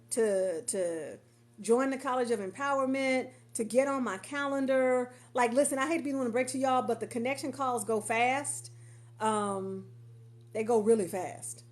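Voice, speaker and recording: Chatty woman coach on a livestream. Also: sits high. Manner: chatty, affectionate, rambling with repeats. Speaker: coach and marketer. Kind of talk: casual livestream chat. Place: at home on a couch.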